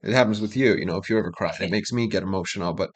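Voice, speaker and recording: Brief: young male co-host, lowish voice, casual and rambling, lots of "like" and "you know". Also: racing. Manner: loose, rambling with many fillers. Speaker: co-host explaining song lyrics. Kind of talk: casual reaction chat.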